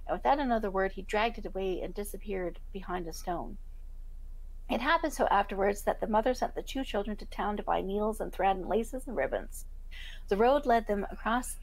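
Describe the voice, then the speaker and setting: A woman podcast host reading a fairytale aloud in a steady storybook manner. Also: mid-range voice, rough recording. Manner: steady storybook narration with self-corrections.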